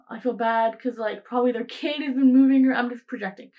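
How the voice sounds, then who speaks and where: Young woman, solo podcast host, rambly casual delivery, a bit high-voiced. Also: steady tone, moderate pace, darkish tone, poor audio. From Greek heritage, raised in the United States. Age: young adult. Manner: rambling, frequent "like" and restarts, laughs often.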